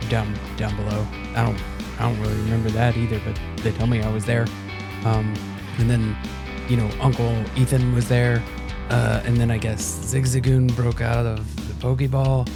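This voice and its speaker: A man giving a rambling, hesitant casual recap as a tabletop player. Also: medium pitch.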